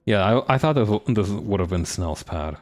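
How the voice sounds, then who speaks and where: A man's voice: fairly low pitch, lively intonation, moderate pace, darkish tone. A man thinking aloud and reading game text during a let's play, musing with many restarts. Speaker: game streamer.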